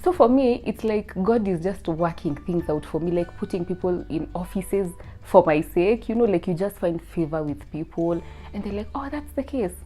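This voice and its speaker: Chatty young woman, lowish voice. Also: normal speed, soft background music. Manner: chatty, lots of "like", lively, rising to loud excited bursts. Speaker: student sharing her testimony. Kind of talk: casual storytelling testimony.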